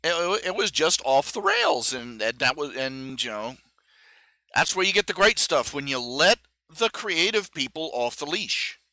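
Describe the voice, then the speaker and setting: A man rambles through casual stream commentary, full of fillers, restarts and acted-out quotes. His voice is very bright and swings widely in pitch. The sound is close and dry. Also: very animated, measured pace, no echo. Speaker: live stream host.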